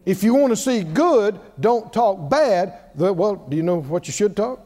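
High, lively-voiced preacher in reverberant hall. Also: male voice, moderate pace. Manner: emphatic call-and-response preaching. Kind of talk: sermon.

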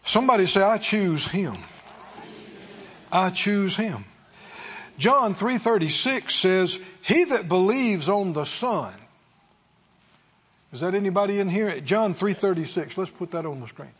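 A man's voice: high-pitched, animated, measured pace, long pauses, husky, highs cut off. A man preaching a sermon in a church, with emphatic, repetitive call-and-response delivery. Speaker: pastor.

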